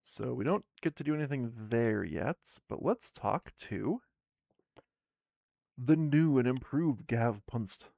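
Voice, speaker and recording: Sleepy, gravelly man streaming a board game. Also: medium pitch, lively intonation, slow pace, a little mellow, no echo, studio quality. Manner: rambling, self-deprecating, reads game text aloud. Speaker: streamer running a solo tabletop game. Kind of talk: casual live-stream narration.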